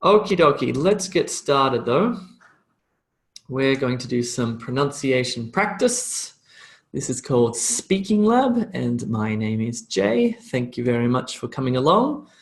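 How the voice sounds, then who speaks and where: A man's voice: medium pitch, big pitch swings, unhurried. A man with a slight Australian accent teaches a live pronunciation class, joking now and then, checking in with "okay?", and repeating sounds over and over to demonstrate them. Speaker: English teacher.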